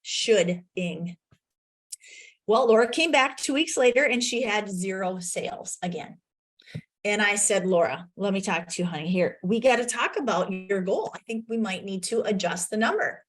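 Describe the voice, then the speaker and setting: A woman coach giving an energetic virtual conference talk, telling client stories and acting out their lines, on a video call. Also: medium pitch, normal speed. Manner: energetic storytelling, acts out client's quotes.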